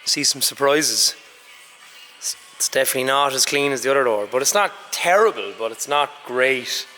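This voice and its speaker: A man chatting casually through a car restoration vlog, his voice a bit hoarse, matter-of-fact with some swearing. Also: mid-range voice, moderate pace, sharp tone, in a large hall, soft background music. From Ireland. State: hoarse, says he lost his voice. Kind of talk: casual workshop vlog narration. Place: large garage workshop, indoors.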